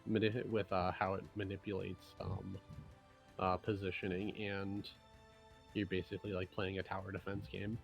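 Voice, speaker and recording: Low-pitched male designer, casual stream host, rambling explainer, faint music bed. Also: flat delivery, moderate pace, creaky. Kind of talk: casual livestream chat.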